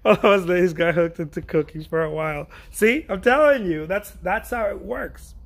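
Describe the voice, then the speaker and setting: A middle-aged man with a gravelly, slightly husky voice, sitting a touch high for a man. He rambles casually while he paints, laughing at his own jokes and losing his thread. His talk is loose and self-deprecating. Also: moderate pace. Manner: chatty, self-deprecating, laughs often, trails off and restarts. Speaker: painter streaming an art chat.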